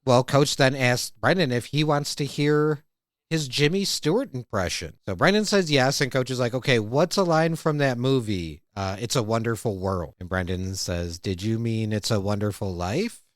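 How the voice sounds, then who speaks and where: Recapping a cartoon episode in a relaxed way, this male podcast host performs the quoted lines as he retells each scene. His medium-pitched voice is animated and at normal speed, captured dry through a studio mic.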